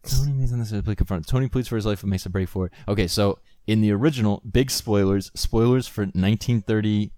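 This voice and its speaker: A man's voice: fairly low pitch, fast talker, hardly any pauses, mellow, no echo, clean studio sound. A young man co-hosting a podcast, rambling and joking, laughing and swearing freely in casual chat. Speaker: podcast co-host.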